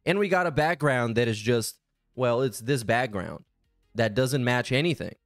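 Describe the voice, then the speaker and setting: A man's voice: medium pitch, lively intonation, moderate pace, no echo, clean studio sound, faint music behind. A man hosting a casual reaction commentary, sarcastic, profane and exasperated. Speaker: commentary channel host.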